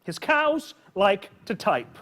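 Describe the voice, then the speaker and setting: A man hosting a live children's story time, talking with animated energy and calling out questions for the kids to answer. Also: high voice, slow pace. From Midwest farm upbringing. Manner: animated, call-and-response with children. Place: public library event with a live audience.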